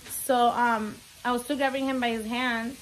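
A woman's voice: a little high, fairly even intonation, moderate pace, a little hiss or hum. A young woman telling a frightening story on her vlog, near tears, rambling with many fillers and slipping in Spanish words. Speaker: vlogger.

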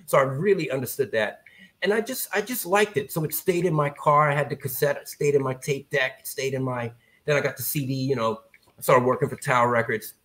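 Man telling a story, animated. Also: mid-range voice, a little fast. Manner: animated, acts out quoted voices. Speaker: podcast guest. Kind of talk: casual storytelling.

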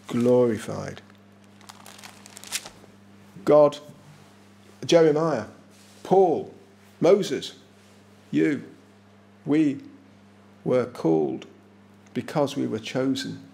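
A man with an English accent preaching a sermon in a small village chapel, emphatic and often slowing down to stress key words. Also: mid-range voice, creaky, mellow.

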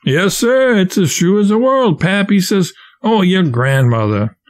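A man reading the part of a frightened young stowaway who pleads and spins quick tales. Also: a little high, expressive. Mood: pleading. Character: scared young stowaway boy, quick with a lie.

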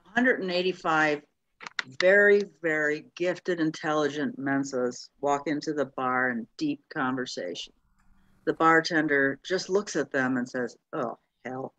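A woman's voice: low-pitched, steady tone, measured pace, fairly bright tone, dull audio. A woman playing an improv joke game on a video call, doing playful character voices in her bar jokes. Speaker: improv player.

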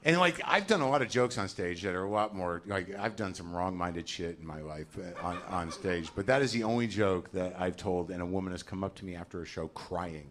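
This low-voiced man in his forties talks a little fast with hardly a pause, his tone fairly bright. He's doing a stand-up set before a live comedy club audience, ranting neurotically and playing out small scenes with character voices.

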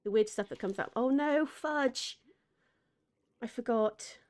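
A woman's voice: a little high, takes it slowly. A woman streaming a game, chatting casually, giggling often and reading chat aloud. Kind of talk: casual chat while gaming.

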